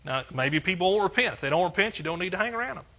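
A male pastor delivers a sermon in a conversational way, often asking his congregation questions. His voice sits a little high and sounds bright and forward. It has a husky, gravelly grain. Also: lively intonation, rapid-fire.

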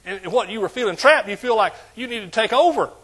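Husky-voiced man preaching a sermon. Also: high-pitched, expressive, a little fast. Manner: preaching with call-and-response, rising to shouts. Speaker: pastor.

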